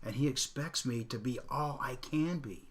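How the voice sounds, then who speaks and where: A man's voice: medium pitch, normal speed, slight background noise. A middle-aged man hosting a casual livestream, chatting earnestly and showing makeup steps as he talks. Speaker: livestream host.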